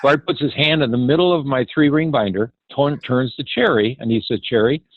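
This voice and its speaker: The ranch founder, a man in his eighties, shares an anecdote from his life in a mid-range voice. It sounds like a phone line with no room sound, and his delivery is halting, hesitant, and peppered with acted-out dialogue.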